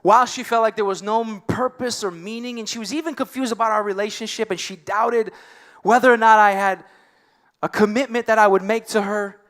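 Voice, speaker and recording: A man preaching a sermon, telling a story with lively acted-out quotes. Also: high-pitched. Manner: animated, acts out quoted voices. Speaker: pastor.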